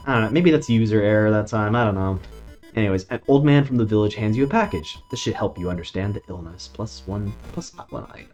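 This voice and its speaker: Animated gaming streamer, lively and profane. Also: male voice, fairly low pitch, fast. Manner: animated, swears casually, jokes at his own bad luck. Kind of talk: casual let's-play commentary, reading game text aloud. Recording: dull lo-fi sound with faint music behind.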